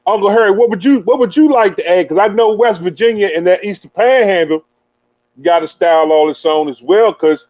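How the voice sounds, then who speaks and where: A man's voice: high-pitched, fairly quick, no echo, muffled recording. A man hosting a casual sports talk show, hyped and slangy, laughing easily. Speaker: host.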